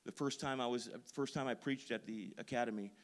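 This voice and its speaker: A man from Minnesota preaching a sermon in a storytelling, self-deprecating way, building to loud emphasis at times. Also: mid-range voice, a little fast. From Duluth, Minnesota. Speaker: pastor. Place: church sanctuary.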